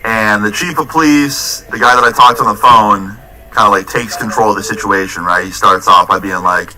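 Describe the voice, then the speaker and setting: Bright-voiced young man telling a story. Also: lowish voice, normal speed, rough recording. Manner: casual, profane, animated retelling. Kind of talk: storytime vlog.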